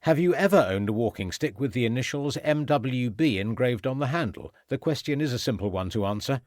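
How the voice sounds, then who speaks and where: A man's voice: mid-range voice, lively intonation, fairly quick, a little mellow, no echo, clean studio sound, natural voice. A man playing a stern police inspector. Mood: stern, pressing. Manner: firm, pressing, threatening. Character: stern, shrewd male police inspector interrogating a suspect. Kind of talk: audiobook character voice.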